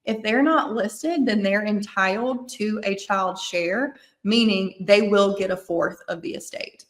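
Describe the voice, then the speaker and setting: A woman's voice: medium pitch, measured pace. A woman with a Mississippi accent, an attorney on a podcast, explaining estate planning in an earnest, thorough way and often restating her points.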